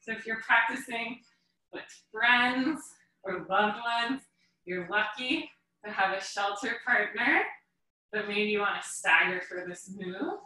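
A woman yoga teacher guiding a class through poses with calm, short breath cues, a little out of breath as she moves along. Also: medium pitch, unhurried, recorded from a distance. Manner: calm step-by-step cueing in short phrases. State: slightly out of breath. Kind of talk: guided yoga class instruction. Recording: echoey room, voice from away from the mic.

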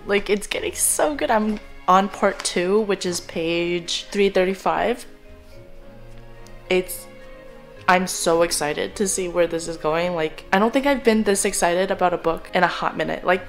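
A woman's voice: fairly low pitch, echoey room. A young woman chatting in a casual reading vlog, gushing and saying "like" a lot. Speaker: book vlogger.

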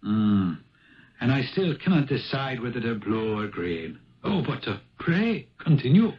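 An actor playing a skeptical, wry Irish police sergeant in a 1970s radio drama. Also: male voice, mid-range voice, sing-song, unhurried, a little hiss or hum. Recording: dull lo-fi 1970s radio broadcast.

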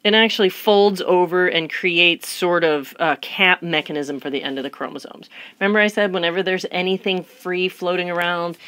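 A woman recording a biology tutorial lecture in a playful, chatty way. She fires off rhetorical questions, answers them herself, and puts on mock excitement. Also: lowish voice, normal speed, dry recording. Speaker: biology instructor.

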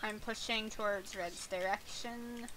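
A woman's voice: medium pitch, fairly even intonation, measured pace, over a noisy crowd, poor audio. A young woman hosting a gaming video, chatting casually and giggling with friends while she plays and talks to her viewers. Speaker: gaming channel host.

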